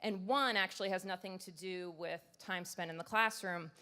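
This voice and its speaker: A woman's voice: lowish voice, normal speed, sharp tone. A woman in her thirties giving a conversational, self-deprecating conference talk, with frequent fillers. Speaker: conference speaker. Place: conference stage.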